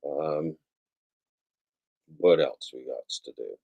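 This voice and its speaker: A man's voice: extremely low pitch, slow pace, vocal fry, mellow, slightly rough. A man hosting his own livestream, rambling casually with frequent swearing and self-mocking repeats. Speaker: livestream host. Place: home setup with computer.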